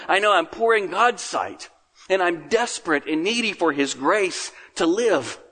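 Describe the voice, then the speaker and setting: A man preaching a sermon as pastor, earnest, lifting his voice for emphasis and then dropping to a hush. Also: mid-range voice. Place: church sanctuary. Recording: long reverb of a large room.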